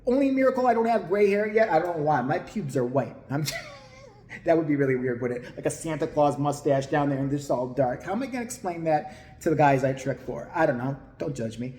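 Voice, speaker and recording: Brief: crude, heated man in his forties, animated pitch, ranting in an echoey room. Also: fairly quick, a little hiss or hum. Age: 40s. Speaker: commentary vlogger. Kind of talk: profane ranting commentary. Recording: roomy echo.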